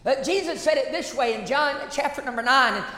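Woman pastor, high voice, emphatic sermon, repeats lines, long hall echo. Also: fairly quick, bright, forceful tone. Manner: emphatic, repeats phrases, call-and-response questions. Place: church sanctuary. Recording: echoey church hall reverb.

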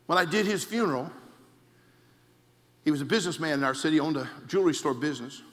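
A male pastor, preaching a sermon with shouted emphasis and telling comic anecdotes. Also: on the high side, expressive, quick pace. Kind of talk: sermon with storytelling. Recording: long hall reverb.

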